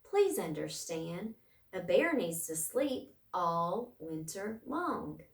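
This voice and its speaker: Storybook bear, big, gentle and half asleep, slow drawl, read by a woman, roomy room. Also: on the low side, big pitch swings, heavily acted. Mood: tender. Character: big sleepy male bear, drowsy and gentle. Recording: roomy, far from mic.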